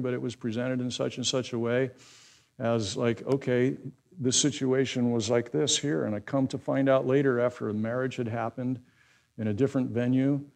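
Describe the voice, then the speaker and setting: A male pastor giving a conversational sermon that builds into loud, emphatic preaching. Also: medium pitch, creaky.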